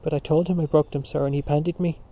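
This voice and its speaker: A man's voice: on the high side, fairly even intonation, quick pace, dark tone. A man voicing an anxious, timid schoolboy who speaks politely and shakily. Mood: nervous. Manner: hesitant, polite and shaky. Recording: dull lo-fi recording.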